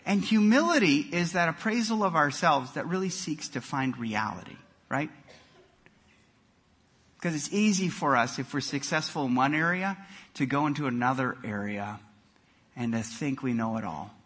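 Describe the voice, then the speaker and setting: Bright, husky-voiced preacher man. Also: on the high side, normal speed. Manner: animated storytelling, repeats words, shifts loudness for emphasis. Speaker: pastor. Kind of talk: sermon.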